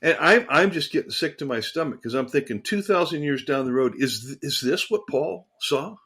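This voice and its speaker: A man co-hosting a casual theological discussion, talking in an animated, emphatic way and repeating phrases for emphasis. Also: a little high, moderate pace, slightly rough. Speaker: podcast co-host.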